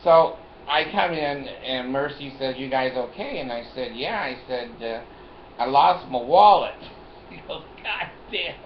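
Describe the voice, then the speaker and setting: A man's voice: mid-range voice, expressive, a little slow. An older man telling a rambling personal story in a vlog, chuckling often and repeating himself. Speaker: vlogger. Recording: roomy, dull lo-fi recording with faint hiss.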